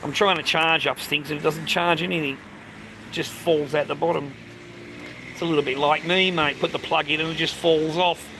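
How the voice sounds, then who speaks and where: Speaking at a moderate pace in a slightly high, steady tone, an Australian man streams live from outside over loud traffic. He chats in a rambling way, curses freely and addresses everyone as "mate".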